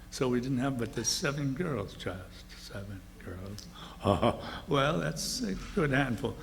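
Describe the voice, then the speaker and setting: Gravelly older storyteller. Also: male voice, mid-range voice. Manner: rambling, chuckling, full of restarts. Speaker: author. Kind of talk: storytelling reading at an event. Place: hall at a book release gathering. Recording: echoey hall, faint noise.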